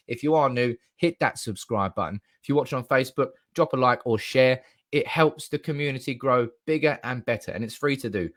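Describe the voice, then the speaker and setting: A young man with a medium-pitched voice hosts a live stream, reading chat comments aloud in an animated way and swearing freely.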